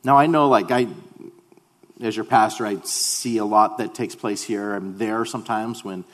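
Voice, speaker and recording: A man's voice: on the low side, fairly even intonation, normal speed, long reverb tail. A male pastor giving a sermon, telling a personal story in a humorous, conversational way.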